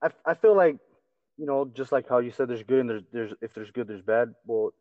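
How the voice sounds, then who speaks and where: A man talking casually as a guest, halting and restarting, swearing now and then. His voice sounds muffled and lo-fi. It is dry up close, with a faint lingering reverb. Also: medium pitch. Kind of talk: casual chat.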